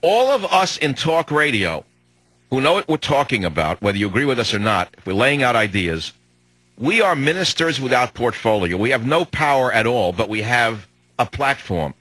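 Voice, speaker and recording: A man's voice: medium pitch, very animated, moderate pace, fairly bright tone, dry recording, rough recording. Combative man hosting talk radio. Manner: combative, emphatic, hectoring. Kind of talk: radio talk show monologue. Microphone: studio microphone.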